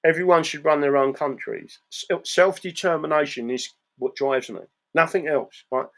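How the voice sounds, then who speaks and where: An English man hosts a live stream, reading the live chat and delivering a casual monologue. His voice is fairly high and a bit bright, at a moderate pace. He talks bluntly, swears, and ends lines with "right?".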